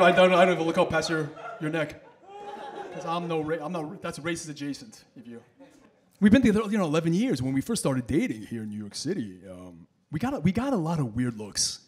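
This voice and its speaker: Male stand-up comic in his thirties, lively storyteller, a bit higher-voiced. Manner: animated storytelling, acting out voices. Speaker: stand-up comedian. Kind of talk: stand-up comedy set. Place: comedy stage with laughing audience.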